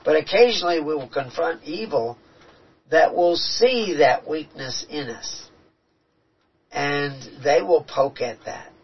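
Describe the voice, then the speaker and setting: A man's voice: a little high, expressive, slow, slightly rough. A man telling earnest, reflective stories about his spiritual experiences in a casual talk. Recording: dull, distant-sounding recording.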